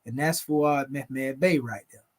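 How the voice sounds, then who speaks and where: A man's voice: mid-range voice, measured pace. A man casually walking viewers through old photographs, talking in a loose conversational way and calling them family. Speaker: video host presenting photos. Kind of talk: casual explanatory talk over pictures.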